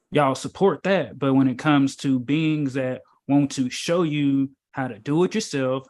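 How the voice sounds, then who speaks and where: At an informal meetup, a man speaks as a spiritual teacher in a casual, preachy way, his voice on the high side. He rambles and stresses his points emphatically. His talk is packed with fillers and rhetorical questions.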